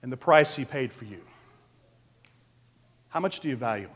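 A man pastor delivering an animated sermon, asking the congregation questions. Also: mid-range voice, normal speed, slightly rough. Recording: long reverb of a large hall.

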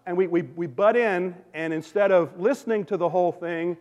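A man's voice: high voice, moderate pace, hardly any pauses, a little mellow, highs cut off. A man preaching a sermon, talking conversationally and calling out to his congregation. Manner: conversational preaching with audience call-outs. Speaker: pastor. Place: church sanctuary. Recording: long reverb of a hall.

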